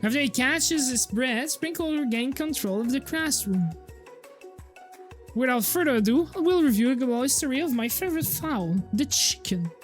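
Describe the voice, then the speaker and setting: High-pitched woman reading a visual novel out loud, amused n chatty. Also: animated, normal speed, soft background music. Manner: amused, chatty narration with frequent laughs. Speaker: gaming streamer.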